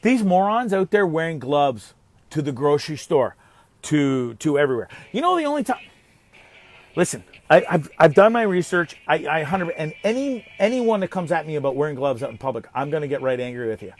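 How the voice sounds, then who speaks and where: A man in his thirties from Canada, hosting a live show and ranting in an animated, exasperated way, swearing and calling people names. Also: on the high side, brisk. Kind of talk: ranting monologue.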